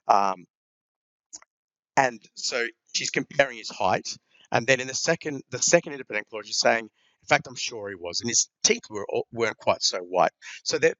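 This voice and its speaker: A man's voice: fairly low pitch, fairly bright tone, no echo, dull audio. A man teaching a grammar lesson, explaining punctuation with many ums and repeated words.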